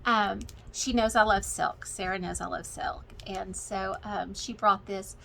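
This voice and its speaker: A middle-aged woman gushes to her viewers in an excitable, filler-filled chat. Her voice is bright and clear, with a faint hum of home ambience behind her. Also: mid-range voice, unhurried, low-quality recording. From Texas. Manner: gushing and excitable, many fillers. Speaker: cross-stitch vlogger. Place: home, with children and TV in the background.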